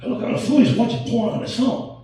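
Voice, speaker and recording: A middle-aged man doing a crude stand-up set, telling stories with animated delivery. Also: very high-pitched, quick pace, far from the mic. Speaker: stand-up comedian. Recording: echoey room, heard from off-mic.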